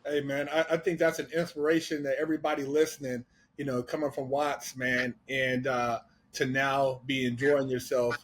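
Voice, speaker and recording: A man's voice: medium pitch, flat delivery, moderate pace. A man hosting an interview, making encouraging remarks in casual chat. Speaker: host.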